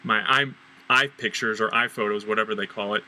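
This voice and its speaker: A middle-aged man hosting a podcast, casually recalling past events with fillers and pauses. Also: fairly low pitch, rough recording. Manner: relaxed, recalling details with fillers. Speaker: podcast host.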